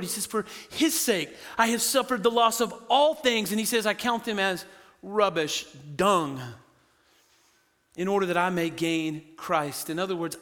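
Bright-voiced preacher in a reverberant hall. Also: male voice, sits high. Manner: animated preaching, quick asides to the congregation. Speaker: pastor. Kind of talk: sermon. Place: church sanctuary.

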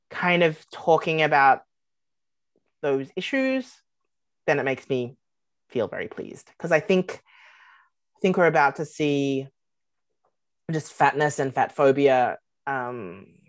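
A woman talking as a podcast guest in a loose, rambling way, with many pauses and fillers. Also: sits low, dry recording. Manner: rambling, hesitant, many ums and likes. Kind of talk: casual podcast chat.

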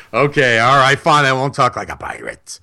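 A man's voice: mid-range voice, gravelly, sharp tone. A man co-hosting a talk radio show, joking and teasing in casual banter.

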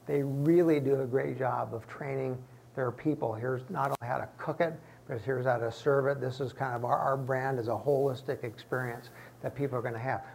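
A pastor stands before his congregation and preaches in a plain, talk-it-through way, slipping into quoted voices along the way. His middle-pitched man's voice carries a gravelly rasp. Faint noise from the room sits behind him. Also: steady tone, brisk, a little mellow. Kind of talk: sermon. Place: church sanctuary with congregation.

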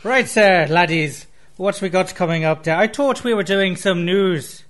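A man putting on a crude mock-Irish accent as a brash loudmouth character. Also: sits high, measured pace. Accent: put-on Irish. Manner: brash, calls others laddie.

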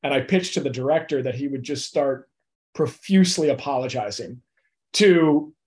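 A man's voice: medium pitch, moderate pace, a little mellow. A young adult man, an actor guest in an interview, talking in a loose, laid-back way with lots of fillers and easy laughs. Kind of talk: casual interview chat.

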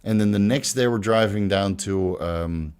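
A man's voice: on the low side, unhurried, a little mellow, clear, resonant tone. A man with a Dutch accent chatting loosely on a livestream, swearing freely and reading out viewer comments. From Netherlands. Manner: loose and profane, many fillers and restarts. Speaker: livestream host.

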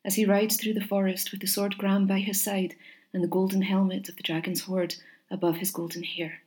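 Female storybook narrator, measured and gentle, mid-pitched voice. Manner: measured, gentle reading with expressive pauses.

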